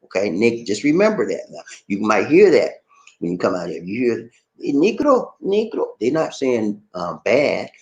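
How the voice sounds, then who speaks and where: Animated American man on a live stream. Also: fairly low pitch, normal speed, dull audio. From United States. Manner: animated, laughs often, reads viewer names aloud. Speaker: vlog host reading live chat. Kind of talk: casual live-stream chat.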